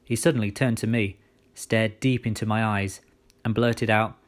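A man narrating a children's story in the first person, with steady storytelling delivery. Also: on the low side, moderate pace.

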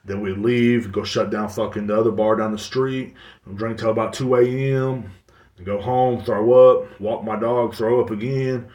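A man's voice: lowish voice, steady tone, a little slow, darkish tone. A man hosting a podcast, telling a long story in a casual, rambling, profane way. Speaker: podcast host. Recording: roomy, distant mic.

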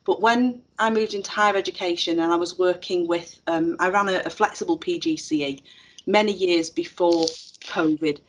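Middle-aged woman, teacher educator, animated storytelling, husky voice, lowish pitch. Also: normal speed, rough recording. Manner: animated storyteller, many fillers and restarts. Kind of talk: casual interview chat.

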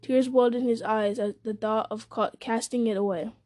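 A woman narrating a fantasy novel aloud in a steady, measured storytelling manner. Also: fairly high pitch, no echo. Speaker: audiobook narrator.

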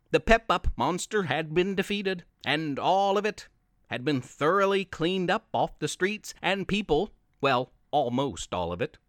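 A man reading a playful storybook tale aloud as host, with an expressive storytelling manner. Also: fairly high pitch, no echo, clean studio sound. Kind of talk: storybook narration.

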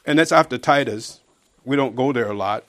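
A man preaching a sermon, reading scripture slowly and swinging between loud emphatic peaks and quiet asides. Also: mid-range voice. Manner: reads scripture aloud slowly and deliberately.

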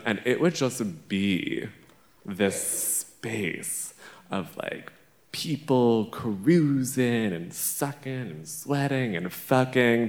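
A man, a drag performer, telling a playful, brash and profane story live on a theater stage. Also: on the low side. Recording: echoey theater stage recording.

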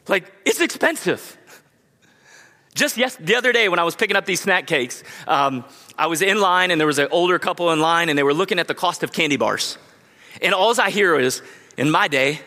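Pastor, man, fast and punchy delivery, slightly high voice, echoing sanctuary. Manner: energetic, conversational, acts out quotes. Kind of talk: sermon. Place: church sanctuary.

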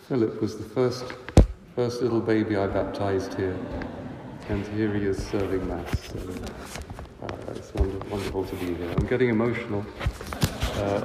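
A man giving a homily as a visiting priest, speaking in a halting, emotional way with many fillers. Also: lowish voice, noisy background. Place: church. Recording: echoey church from far off.

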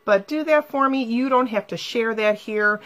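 A woman's voice: fairly high pitch, moderate pace, fairly bright tone, lo-fi sound. A woman hosting a live stream, talking casually and emotionally to viewers and reading their comments aloud.

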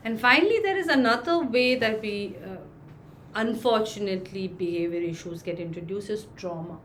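Brief: woman, dog trainer in an interview, mid-pitched, chatty with filler words, faint rumble behind. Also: normal speed, fairly bright tone. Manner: explains with acted-out examples, many fillers. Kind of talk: interview answer, explaining.

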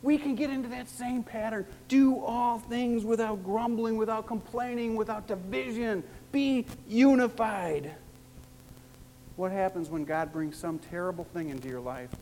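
Emphatic preacher in a reverberant hall. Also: measured pace. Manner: emphatic, repeats key phrases, big swings in pitch and loudness. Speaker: pastor. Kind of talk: sermon. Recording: long hall reverb with faint noise.

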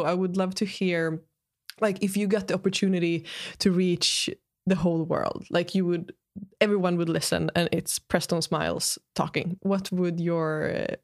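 A woman hosting an interview, affirming her guest with gushing praise before she asks a question. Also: lowish voice. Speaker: podcast host.

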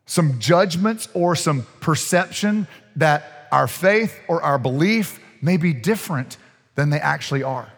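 A man's voice: medium pitch, in a large hall. A man preaching as pastor, in a casual, folksy way full of restarts, chuckles and asides to the congregation. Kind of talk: sermon. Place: church sanctuary.

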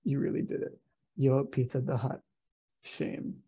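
A man voicing a menacing restaurant manager who is a cold killer, in a gravelly, husky voice with a flat, ominous delivery. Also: mid-range voice, moderate pace, highs cut off. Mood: grim.

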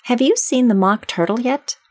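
A woman voicing a furious, tyrannical queen who shouts her commands, in a storybook reading. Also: a little high, normal speed, dry recording, pitched above the performer's own voice, close to an everyday voice. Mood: brisk.

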